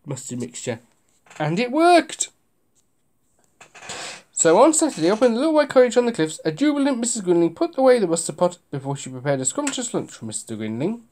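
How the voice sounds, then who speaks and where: A reader narrating a children's picture book aloud, slowing down for suspense and adding asides to the listener. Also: mid-range voice, a little mellow.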